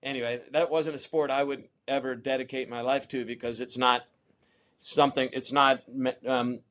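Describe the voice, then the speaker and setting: A middle-aged American man telling stories in a casual interview, animated and acting out quoted voices. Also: medium pitch, normal speed. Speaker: interview guest, champion kayaker.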